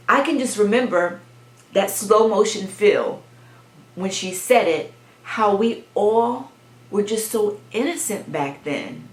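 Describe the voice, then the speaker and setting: A woman vlogger telling a personal story from her childhood, reflective and pausing as she talks. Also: mid-range voice. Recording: echoey room.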